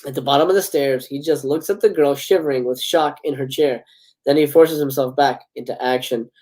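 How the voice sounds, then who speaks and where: A man's voice: medium pitch, a little fast, darkish tone. A man hosting a livestream, reading a film script aloud and breaking off to chat with viewers. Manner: reads stage directions then breaks off into casual commentary to viewers. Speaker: livestream host. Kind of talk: live script read-aloud with chatty asides.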